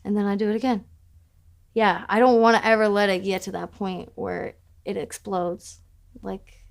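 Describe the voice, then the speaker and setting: A young adult woman musician discusses her album in a candid interview, speaking frankly with many "like" fillers, casual swearing and wry, self-mocking humor. Her mid-range voice has fairly even intonation, normal speed and vocal fry.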